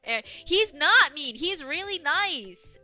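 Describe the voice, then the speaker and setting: Bright-voiced chatty young woman streamer. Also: high voice, lively intonation, takes it slowly, faint music behind. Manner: rambling, chatty storytelling with frequent swearing. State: dry, sore throat. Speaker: livestreamer. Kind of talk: casual chat while gaming.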